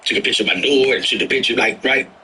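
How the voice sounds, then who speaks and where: A man telling tour stories in a casual chat, animated and slangy, swearing freely and breaking into loud outbursts. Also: mid-range voice, very fast, a little hiss or hum, poor audio. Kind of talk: casual storytelling.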